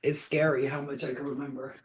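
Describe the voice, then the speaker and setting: A woman's voice: extremely low pitch, little pitch movement, a little fast, a little mellow. A woman hosting a casual livestream as a spiritual healer, rambling, swearing freely and laughing often.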